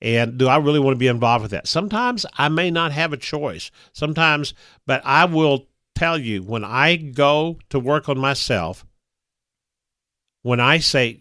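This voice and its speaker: A man's voice: medium pitch, lively intonation, moderate pace, sharp tone, no echo, clean studio sound. A middle-aged man hosting a motivational radio talk show, folksy and playful, acting out quoted voices.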